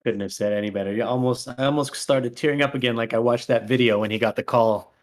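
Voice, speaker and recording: A man's voice: medium pitch, fairly even intonation, fast talker. A man hosting a sports podcast, chatting casually and reading promos for the show in a playful, upbeat way. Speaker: podcast host.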